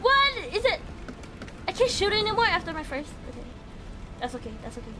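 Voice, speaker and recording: A woman streaming a game live, reacting excitedly with yelps, laughter and chatty commentary. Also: very high-pitched, a little fast, noisy background.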